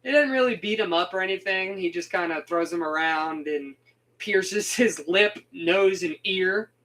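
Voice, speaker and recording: Bright-voiced young man rambling about a game. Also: sits high, a little slow, low-quality recording. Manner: rambling, animated, laughs often. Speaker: gaming video host. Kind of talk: casual game commentary.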